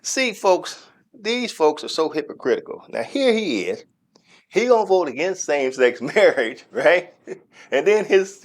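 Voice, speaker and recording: A man hosting a news commentary segment, his voice sitting a little high and swinging widely in pitch. He talks straight to the audience, scornful and opinionated as he goes through each story.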